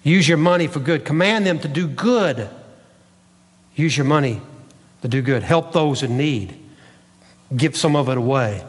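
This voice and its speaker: A man's voice: fairly high pitch, in a large hall. A man preaching a sermon as pastor, with an emphatic, repetitive preaching cadence, recorded in a church sanctuary.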